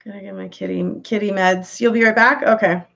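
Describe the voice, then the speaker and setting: A woman's voice: medium pitch, steady tone, fairly quick, gravelly, a bit bright, muffled recording. A woman hosting a casual live stream, chatting with viewers, reading their comments aloud and laughing often. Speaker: livestream host chatting with viewers.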